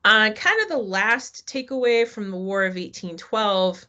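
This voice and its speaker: A woman's voice: mid-range voice, lively intonation, unhurried, hardly any pauses, bright, forceful tone. Female history teacher, live online class, loose and chatty, quizzes the students. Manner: conversational, asks the class questions.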